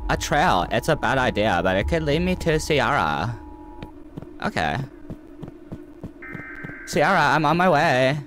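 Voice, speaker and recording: Man doing a peppy Valley Girl college student, ditzy and lively, pitched high. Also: a little slow, long pauses, slight background noise. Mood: panicked. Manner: breathless ditzy valley-girl speech, lots of "like".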